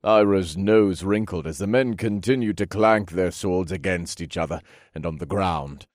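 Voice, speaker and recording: A man reading a novel aloud in measured first-person narration. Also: deep voice, dry recording, clean studio sound. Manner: steady, measured storytelling. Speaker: audiobook narrator.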